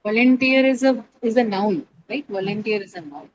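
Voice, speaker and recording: A woman's voice: mid-range voice, animated, normal speed, lo-fi sound. A woman teaching an English class, explaining word stress step by step, spelling out letters and asking her students questions.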